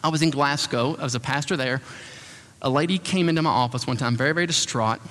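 A man's voice: mid-range voice, fast. A man preaching as a pastor, telling stories and acting out the voices of the people he quotes. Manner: animated, acts out quoted voices. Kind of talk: sermon with storytelling. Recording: long hall reverb.

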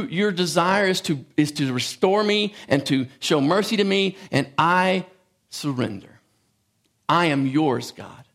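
A man's voice: high voice, vocal fry, fairly bright tone. A man preaching a sermon as a pastor, impassioned, with frequent restarts and asides.

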